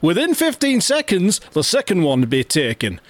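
A man voicing a gruff northern boat skipper with a Geordie accent, reading out an urgent warning. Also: high-pitched, huge pitch swings, moderate pace, no echo, pitched above the performer's own voice, heavily acted.

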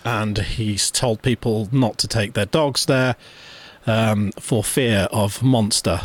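A man's voice: lowish voice, fairly even intonation, slow pace. A man co-hosting a podcast, talking casually with many fillers and restarts. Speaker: podcast co-host. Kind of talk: casual chat.

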